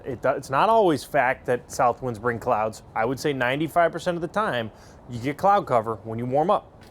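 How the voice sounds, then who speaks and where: A man's voice: mid-range voice, animated, slight background noise. A man giving a TV weather forecast in a chatty, upbeat way. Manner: chatty, upbeat, quick bursts. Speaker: meteorologist.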